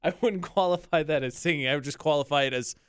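A man co-hosting morning radio, playful and quick to argue a point. His voice sits a bit high, and the studio mic keeps it close and dry. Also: clean tone, no room sound. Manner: playful, argumentative, quick shifts in emphasis. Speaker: radio co-host. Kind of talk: casual morning radio chat.

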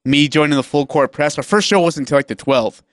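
A young man co-hosting a sports radio show, his voice sitting a bit high. He talks in loose banter, laughs often and acts out the people in his stories. The studio sound is close and dry. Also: fairly quick, no echo. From Utah. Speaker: radio co-host. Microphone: studio microphone.

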